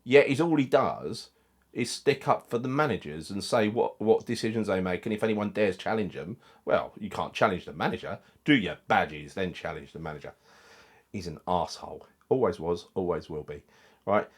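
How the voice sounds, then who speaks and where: A man's voice: low-pitched, animated, normal speed, breathy edge. A man hosting a football fan channel, delivering a heated, sweary rant in casual commentary.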